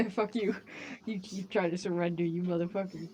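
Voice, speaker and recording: A woman's voice: fairly low pitch, slow, pushed and bright. Teasing teen girl co-host. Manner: teasing, laughing, sweary banter. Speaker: podcast co-host. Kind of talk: casual podcast banter.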